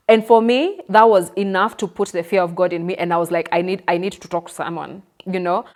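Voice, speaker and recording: Candid young woman telling her story. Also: mid-range voice. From Kenya. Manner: candid, frequent "you know" and "like", voice rises when emotional. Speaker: guest. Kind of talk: personal story in an interview.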